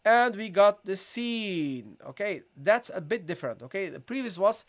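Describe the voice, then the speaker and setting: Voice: mid-range voice, big pitch swings, normal speed, hardly any pauses. A teacher giving a live-streamed language lesson, drilling pronunciation by repeating each sound and checking in with listeners again and again. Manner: drills sounds by repeating them, constantly checks with "okay?" and "guys". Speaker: Arabic teacher.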